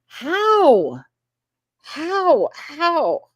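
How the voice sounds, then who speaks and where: Animated, laughing woman host, dry sound. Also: sits high, very slow, no room sound. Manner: laughs often, animated storytelling. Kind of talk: casual chat reading live comments.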